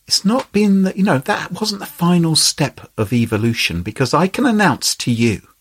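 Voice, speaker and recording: Lively husky male podcast host. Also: a little high, moderate pace. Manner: lively and playful. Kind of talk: casual chat.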